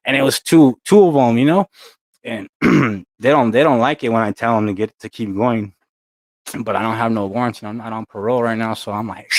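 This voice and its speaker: A young man from talks loosely to his viewers, full of street slang and rambling asides. His voice sits at an ordinary middle pitch and is recorded close and dry, with no room sound. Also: normal speed, dry recording. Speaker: channel host. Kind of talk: casual chat to camera.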